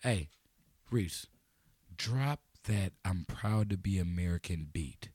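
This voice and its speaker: A man from Chicago hosting a community radio call-in show, joking loudly and slangy with friends in the studio. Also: low-pitched, expressive, takes it slowly, breathy edge, no room sound. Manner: rowdy, joking, slangy, talks over friends. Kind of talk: loose call-in radio banter.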